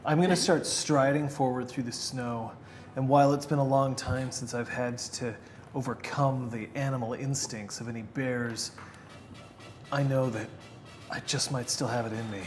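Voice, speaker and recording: A man playing a tabletop game, talking in character with boastful deadpan lines. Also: medium pitch, normal speed, faint music behind. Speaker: player. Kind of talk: in-character tabletop role-play.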